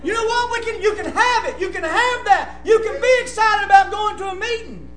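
Man preaching, very high and bright tone, shouts at the peaks, music faint behind. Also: fairly quick, echoey room. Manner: impassioned, often shouting. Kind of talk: sermon.

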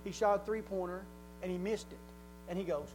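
Man, church sermon, folksy, conversational, fervent loud emphasis. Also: sits high, fairly even intonation, fairly quick, a little hiss or hum, low-quality recording. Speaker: preacher.

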